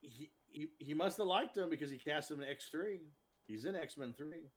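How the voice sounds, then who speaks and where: A man co-hosting a podcast in casual chat, opinionated and quick to react. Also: on the high side, animated. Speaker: podcast co-host.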